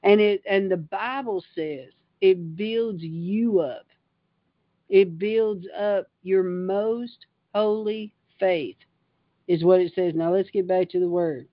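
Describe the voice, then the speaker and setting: A woman's voice: on the low side, dry recording, highs cut off. A woman preaching an informal livestream sermon, fervent and emphatic, reading scripture and riffing on it. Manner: fervent and emphatic, reads scripture then riffs on it.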